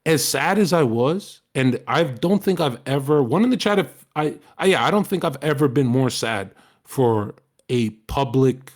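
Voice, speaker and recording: A man's voice: mid-range voice, darkish tone. A man livestreaming an angry, lecturing rant that is heavy with profanity and aimed at his chat.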